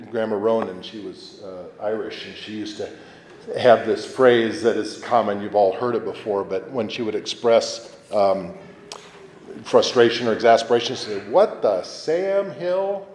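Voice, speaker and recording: A male priest gives a homily in a relaxed, conversational way, breaking into lively acted-out voices. His voice sits at an ordinary pitch. The sound is echoey, with a long reverb that rings through a large church. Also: a little hiss or hum. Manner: conversational, animated, acts out quoted voices.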